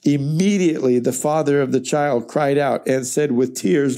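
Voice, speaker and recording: A man teaching through a Bible passage, reading the verses aloud and then breaking them down. His voice is mellow and warm, and his delivery is earnest and emphatic while still sounding like he is talking to you. He sits at a middling pitch. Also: fairly even intonation, normal speed, few pauses. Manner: earnest, emphatic, reads scripture then explains it conversationally.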